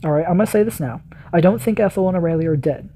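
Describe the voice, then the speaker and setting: A man's voice: high voice, racing, dark tone. A man hosting a reaction video, giving enthusiastic, rambling commentary full of fillers.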